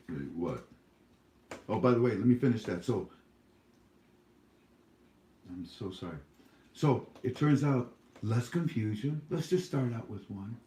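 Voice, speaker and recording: Brief: male host, loose rambling delivery, quick to laugh, roomy echo. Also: mid-range voice, darkish tone. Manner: rambling, joking, laughs often. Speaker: livestream host. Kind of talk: casual livestream Q&A.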